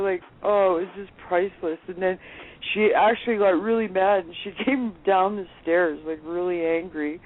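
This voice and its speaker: A woman telling lively anecdotes as a phone-in guest, laughing often as she talks. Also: on the low side. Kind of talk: casual storytelling on a phone interview. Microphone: telephone. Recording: tinny phone line with faint hiss.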